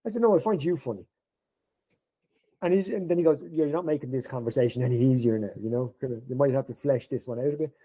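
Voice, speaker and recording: Husky dark-voiced man telling stories. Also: medium pitch, fast talker, poor audio. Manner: animated, acts out quoted dialogue in a raised voice. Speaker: podcast guest. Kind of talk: casual storytelling conversation.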